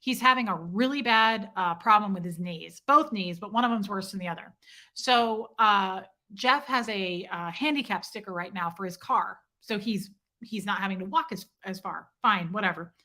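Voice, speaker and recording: Brash, bright-voiced woman telling stories. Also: medium pitch, normal speed. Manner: loud, self-mocking, swears freely, acts out her own yelling. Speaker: channel host. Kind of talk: casual storytelling chat to viewers.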